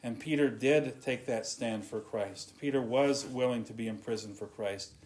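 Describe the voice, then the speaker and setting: A man preaching a sermon in an earnest tone, his voice dropping softly at the ends of phrases. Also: medium pitch, moderate pace. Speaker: pastor.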